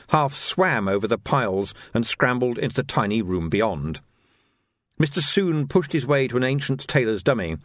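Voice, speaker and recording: A man's voice: no echo, studio quality. A man narrating a story expressively as an audiobook reader. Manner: expressive storytelling, varied pitch.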